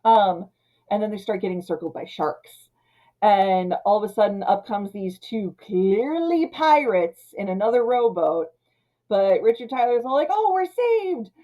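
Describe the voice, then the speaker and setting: A woman in her thirties casually ranting about an old film, retelling scenes and slipping into quick character voices. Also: medium pitch, dull audio. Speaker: film commentator. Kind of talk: casual movie rant.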